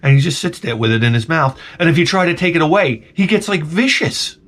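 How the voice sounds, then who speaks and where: A man's voice: a little high, animated, brisk, a bit bright. A man telling a rambling, profane story in a casual comedic rant to his vlog audience. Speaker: vlogger.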